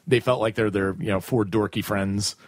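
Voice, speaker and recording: A man's voice: fairly low pitch, fairly even intonation, moderate pace, dry recording. Guy hosting a chill music chat, rambly, lots of likes and ums, dry close mic. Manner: rambling, many restarts and fillers. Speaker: podcast host interviewing a band. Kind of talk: casual chat.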